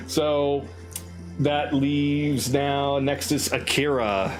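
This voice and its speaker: A man narrating as dungeon master of a tabletop game with friends, casual and laughing often, with some swearing. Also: on the high side.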